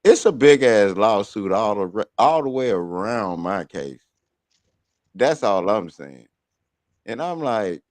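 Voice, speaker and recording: A talk radio host with a fairly low, sing-song voice takes his time ranting heatedly about people and his own court case. He is blunt and profane, cursing throughout, and there's no echo.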